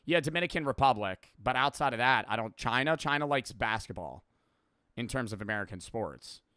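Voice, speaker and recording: A man's voice: mid-range voice, expressive, brisk, bright, forceful tone, no echo, clean studio sound. A young man streaming, reacting in casual, rambling and profane talk.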